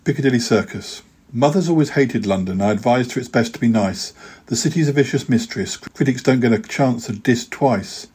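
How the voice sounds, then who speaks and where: A man's voice: medium pitch, moderate pace, a little mellow, husky. A podcast host reading his own rhyming poems aloud in a rhythmic, sing-song way, with hesitant fillers when chatting.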